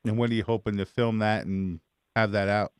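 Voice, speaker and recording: A man of middle pitch hosts a casual interview, asking his questions in a loose, crude, joking manner. The sound is dry and close. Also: level tone, a little fast, clear, resonant tone, no echo. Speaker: show host interviewer.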